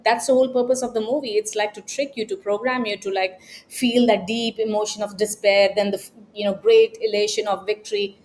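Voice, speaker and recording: A woman's voice: mid-range voice, steady tone, a little fast, darkish tone, a little hiss or hum. A woman self-help coach giving an emphatic, scolding motivational talk, repeating her points. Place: New York.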